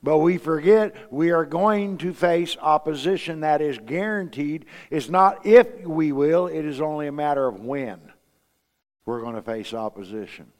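A man's voice: on the high side, a little slow, darkish tone, in a large hall. A man preaching a sermon in a folksy, storytelling way, asking his congregation rhetorical questions. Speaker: pastor.

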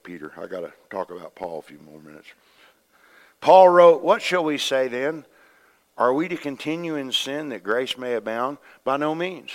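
A man preaching a sermon as pastor, folksy and conversational, swinging from hushed to loud. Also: medium pitch.

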